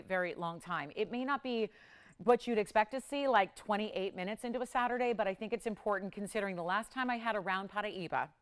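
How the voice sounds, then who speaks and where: A woman's voice: mid-range voice, smooth. A woman hosting a live TV jewelry shopping show, enthusiastic and repeating words for emphasis. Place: TV studio.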